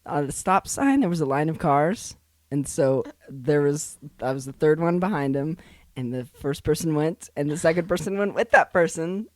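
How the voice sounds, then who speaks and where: A woman's voice: low-pitched, normal speed, a little mellow, dry recording. A young woman co-hosting a podcast in easygoing casual chat, laughing often. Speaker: podcast co-host.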